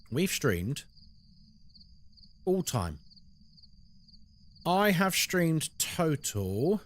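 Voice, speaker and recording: A young British man chatting casually on a live stream, reading out and answering chat. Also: medium pitch. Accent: British English. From Britain. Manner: chatty, animated, reads chat aloud and answers it. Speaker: horror game streamer.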